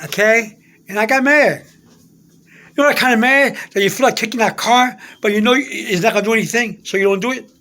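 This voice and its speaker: A man telling a personal faith story in a rambling, halting way, repeating himself and restarting often. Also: high-pitched, pushed and bright.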